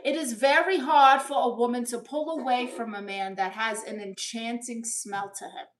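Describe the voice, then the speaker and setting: In a natural, fairly high voice with a steady tone and moderate pace, a woman greets viewers and reads out chat with big swoops. She is in character as a sassy, doting middle-aged aunt, hosting a chatty comedy livestream in her bedroom.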